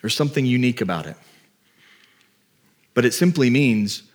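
A man's voice: mid-range voice, lively intonation, normal speed. Male pastor with a mid-range voice, preaching to a congregation in an easy, conversational way and posing questions. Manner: explanatory, asks the listeners rhetorical questions. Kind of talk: conversational sermon. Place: church before a congregation.

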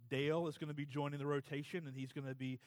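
Male pastor, casual Sunday sermon, weary and emotional, halting delivery. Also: fairly high pitch, level tone, big-room sound. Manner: halting, filler-heavy, emotional. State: tired, close to tears. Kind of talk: conversational sermon. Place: church sanctuary.

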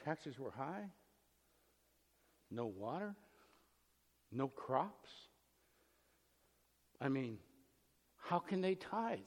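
A man's voice: mid-range voice, big pitch swings, very slow, long pauses. A man preaching a sermon as pastor, emphatic, asking rhetorical questions and acting out the voices in the text. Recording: long reverb in a large hall.

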